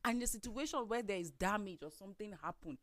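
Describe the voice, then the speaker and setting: A woman's voice: mid-range voice, fast talker, no room sound. A woman with a Nigerian accent, co-hosting a studio talk show and explaining her view earnestly.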